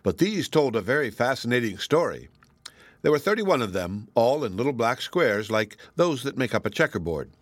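A man reading a children's storybook aloud, gentle and expressive, with playful asides. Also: medium pitch, moderate pace, dry recording.

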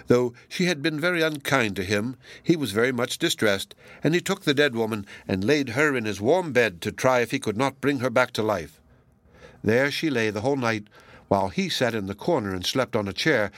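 A man reading a fairy tale aloud, with a lively delivery that briefly voices the characters. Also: medium pitch, no echo. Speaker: storyteller.

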